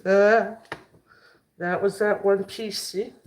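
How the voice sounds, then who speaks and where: A woman's voice: medium pitch, steady tone, slow pace, noisy background. A woman chatting and joking with her viewers while she cooks in her kitchen. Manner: chatty, jokey, talks to viewers while cooking. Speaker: vlogger cooking on camera. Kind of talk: chatty cooking vlog.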